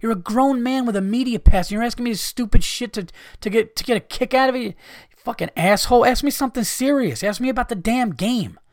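A man's voice: very high-pitched, fast talker, no room sound, studio quality. A man hosting a podcast, ranting in a profane, exasperated way and mocking people by imitating them. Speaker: podcast host. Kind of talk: ranting monologue.

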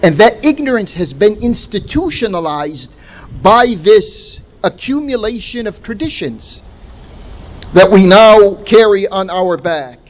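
A man's voice: sits high, highs cut off. A man giving a religious lecture, emphatic and full of rhetorical questions. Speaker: Islamic lecturer.

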